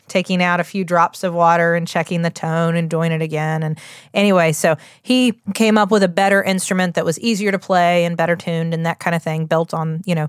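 A West Virginia woman with a matching accent co-hosts a podcast, chatting in a rambling way full of fillers and restarts. Her voice is fairly low and smooth, and the recording is dry with a clean studio sound.

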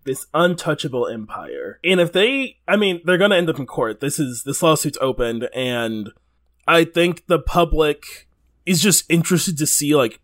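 A man co-hosts a podcast in loose, rambling chat, cursing freely and laughing along the way. His voice sits on the higher side for a man and swings widely in pitch. He talks in an easygoing, everyday manner. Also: sing-song, normal speed, fairly bright tone. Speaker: podcast co-host. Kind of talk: casual chat.

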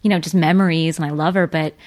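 A woman's voice: deep voice, steady tone, fast talker, darkish tone. A woman in her forties, a comedian guest telling stories with frequent laughter. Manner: storytelling, laughs often. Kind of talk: casual chat.

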